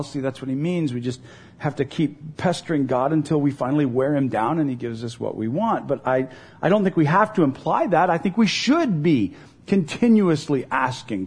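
A man's voice: a little high, a little mellow, slightly rough. A middle-aged man pastor preaching a sermon in an earnest, conversational way, telling personal stories.

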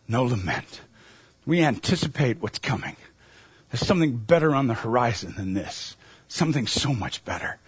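A man's voice: medium pitch, expressive, normal speed, slightly rough, no room sound. A man preaching a sermon as a pastor, earnest and emphatic, asking his listeners questions.

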